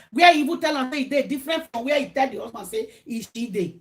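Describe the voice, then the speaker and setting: High-voiced Nigerian woman telling gossip. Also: quick pace, hardly any pauses. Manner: lively gossip retelling, mimics the people in her story. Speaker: mukbang vlogger. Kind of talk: chatty storytelling while eating.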